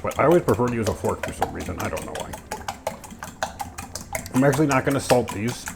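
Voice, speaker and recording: A man cooks in his home kitchen, narrating every step in a goofy, chatty way loaded with playful sound words. His voice is mid-range. There is background noise, with music clearly under his speech and pans clattering.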